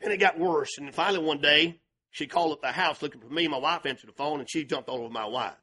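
An older male pastor preaching with passion, swinging between shouted and hushed delivery. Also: on the high side, fast talker, slightly rough. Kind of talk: sermon.

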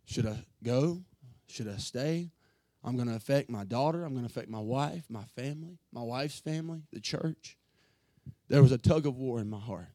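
A pastor preaching an emotional sermon from the pulpit, earnest and building to fervent passages. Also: male voice, medium pitch, normal speed, warm tone, no echo.

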